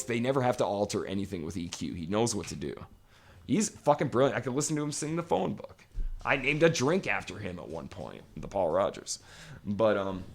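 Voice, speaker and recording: A man co-hosting a podcast, ranting emphatically and swearing constantly in casual chat. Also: mid-range voice. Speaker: podcast co-host. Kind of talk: profane casual podcast rant.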